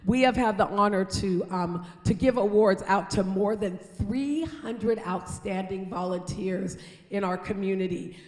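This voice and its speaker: A woman's voice: mid-range voice, a little mellow. A woman mayor addresses an awards crowd in an earnest, rallying tone and calls out to the audience to get them going. Her voice rings through a large theater with long reverb. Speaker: mayor giving a welcome speech. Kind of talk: public speech at an awards ceremony.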